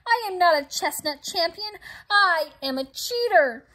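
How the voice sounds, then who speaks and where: A woman voicing a small, cheeky male chinchilla who cheats at a game, in a quick, sly manner. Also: very high-pitched, lively intonation, sharp tone, pitched above the performer's own voice, heavily acted. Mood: ashamed.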